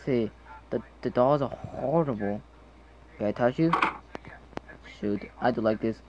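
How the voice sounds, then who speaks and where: Slow, jumpy young woman gamer. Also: extremely low pitch, lo-fi sound, noisy background. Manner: jumpy, swears and screams at scares. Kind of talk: horror game commentary.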